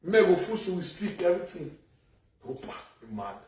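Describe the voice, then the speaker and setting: A man with a Nigerian Pidgin accent, ranting loudly in a casual live video, repeating phrases and laughing between points. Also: sits high, very animated, normal speed, distant mic. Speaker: social media commentator. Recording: echoey room, voice away from mic.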